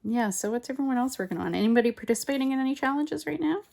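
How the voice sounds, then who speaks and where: A woman chatting casually while she makes a collage at home, rambling and muttering softly to herself as she works, recorded on a phone on a mount. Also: sits high, lively intonation, rapid-fire, vocal fry, a little hiss or hum. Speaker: collage artist. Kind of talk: casual crafting chat. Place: home craft table, indoors.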